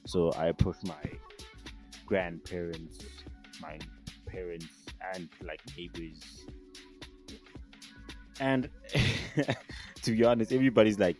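A man's voice: low-pitched, slow pace, pauses often, soft background music. A young South African man ranting heatedly to camera, profane and emphatic. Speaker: vlogger. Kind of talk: casual rant to camera.

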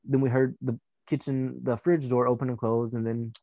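A man's voice: mid-range voice, level tone, moderate pace, dark tone, dry recording, lo-fi sound. Candid, profane young man telling a story. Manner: candid and profane, with frequent fillers. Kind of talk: casual personal anecdote.

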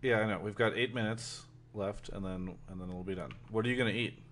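A man hosting a call-in podcast, telling stories in a lively, casual way. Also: on the low side, fairly quick, noisy background. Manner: animated storytelling, swears casually. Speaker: podcast host. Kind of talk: casual chat.

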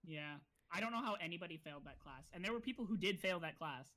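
A man's voice: on the high side, expressive, quick pace, pushed and bright. A young man co-hosting a casual podcast, laid-back and full of trailing fillers. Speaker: podcast co-host. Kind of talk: casual chat.

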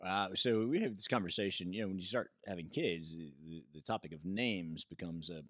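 American guy on a podcast, deepish voice, dry close mic, cusses a lot, laughs plenty. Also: fairly quick, a bit bright, no echo. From United States. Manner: swears freely, laughs often, many restarts. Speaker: podcast co-host. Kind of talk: casual chat.

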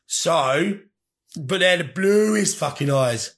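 A young man talks casually to his viewers, rambling, swearing freely and laughing as he goes. His voice sits high for a man and has a bright, forceful edge. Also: animated, takes it slowly. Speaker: vlogger.

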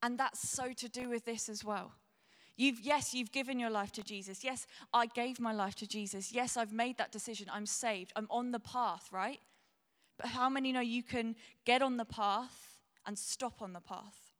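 A woman's voice: fairly high pitch, fairly even intonation, normal speed, fairly bright tone. A young woman preaching a sermon, earnest and candid, tearful as she speaks. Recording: long hall reverb.

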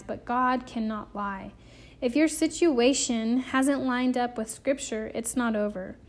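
A woman's voice: on the high side, darkish tone. A woman hosting a devotional podcast, talking earnestly in a preacherly way with lots of repetition, emotional and close to tears. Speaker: podcast host.

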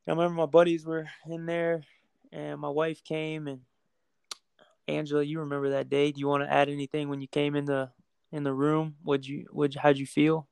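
Earnest guy telling his story, gravelly voice, pretty flat delivery, dry close mic. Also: on the high side, normal speed, no room sound. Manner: earnest, calm, repeats words, quotes others in his own voice. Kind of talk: casual storytelling chat.

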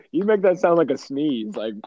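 A man's voice: fairly high pitch, dark tone, no room sound, highs cut off. Teasing man laughing through banter. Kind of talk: casual podcast chat.

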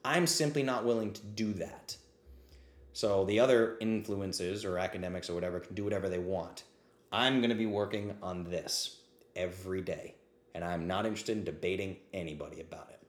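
A low-voiced man speaks briskly in a reverberant room while hosting a livestreamed ask-me-anything. The podcast host's answers become a heated, cursing, no-holds-barred rant, and he admits he's getting worked up.

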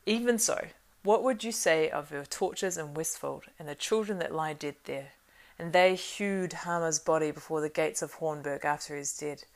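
A woman acting out a defiant old king, low and gravelly, forceful and accusing in a spoken storybook. He throws each charge with weight. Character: aged male king, stern and defiant. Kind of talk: audiobook reading.

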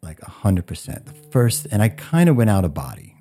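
A man in his forties telling a story in a podcast interview, animated and acting out what people said. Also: on the low side, fairly quick, a little hiss or hum. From United States. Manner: animated storyteller, acts out quotes. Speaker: guest.

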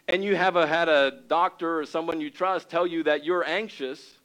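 A man preaching to a congregation with a fairly high-pitched voice. He is animated, acting out little scenes with excited raised tones before falling quieter for earnest points. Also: moderate pace, hardly any pauses, smooth, rough recording. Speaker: pastor. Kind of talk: sermon.

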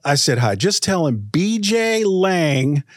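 A chummy, drawling older man calls to say hi to an old friend, as a man puts him on. The voice sits high and folksy, with an exaggerated accent. The sound is close and dry. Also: big pitch swings, slow, dry recording, exaggerated voice.

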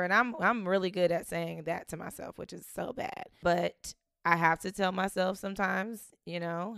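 A woman's voice: on the low side, moderate pace, vocal fry, fairly bright tone, clean tone, no echo, studio quality. A woman, hosting a casual motivational talk, chatty and laughing often as she quotes herself talking to her kids.

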